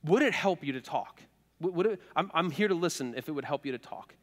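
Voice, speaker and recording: A man voicing a kindly minister who gently and haltingly offers to listen and pray with a stranger. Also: fairly high pitch, lively intonation, lightly acted. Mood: concerned.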